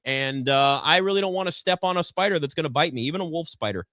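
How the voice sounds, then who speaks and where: A man's voice: a little high, lively intonation, fast talker, fairly bright tone, dry recording. A man hosting a live basketball draft show from a garage set, chatting casually and rambling with self-deprecating asides. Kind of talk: casual live sports chat.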